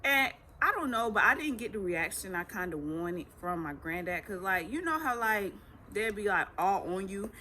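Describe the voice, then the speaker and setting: A woman's voice: medium pitch, normal speed, hardly any pauses, a little hiss or hum. A teenage girl, telling her own story casually as a vlogger and acting out what people said. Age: teens. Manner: chatty, animated retelling with acted quotes.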